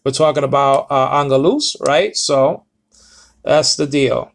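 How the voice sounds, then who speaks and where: A man's voice: medium pitch, unhurried, vocal fry. A man giving a casual Bible Greek lesson, rambling and correcting himself with many fillers. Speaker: Bible teacher.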